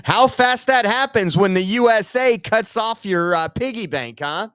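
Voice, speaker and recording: A man's voice: sits high, lively intonation, a little slow, a bit bright, clear, resonant tone. A man hosting opinionated political commentary, reading quotes aloud and laughing at them mockingly.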